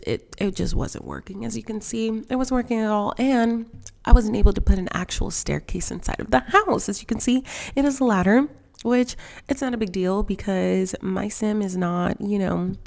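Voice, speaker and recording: A woman's voice: mid-range voice, normal speed, creaky, a little mellow. A woman in her twenties talking casually over game footage, self-conscious and filler-heavy, a little emotional. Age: 20s. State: emotional, near tears. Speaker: Sims gaming vlogger.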